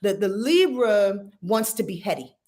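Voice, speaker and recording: A woman doing a casual livestream from home, giving quick astrology readings in an animated, slangy way and talking straight to her viewers. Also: mid-range voice.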